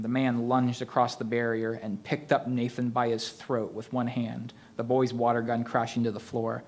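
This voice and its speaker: A man reads his own spooky tale aloud at an open mic, into a stage mic. His pitch sits in the middle for a man, and he tells the story in a steady, measured way.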